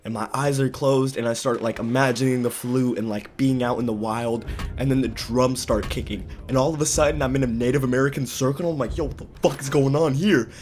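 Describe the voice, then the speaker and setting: Young guy vlogger, casual animated storyteller, mid pitch, heavy slang. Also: brisk, soft background music. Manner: animated, slangy, swears a lot.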